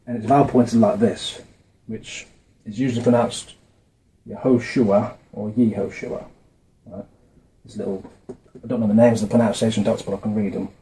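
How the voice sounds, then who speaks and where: A man talking casually to camera from his notes, often pausing with fillers and restarting his words. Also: fairly low pitch, steady tone, mellow, slight background noise, low-quality recording. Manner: hesitant, with frequent fillers and restarts. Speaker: video maker explaining a religious topic. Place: indoors, dim room. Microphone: camera mic, facing camera.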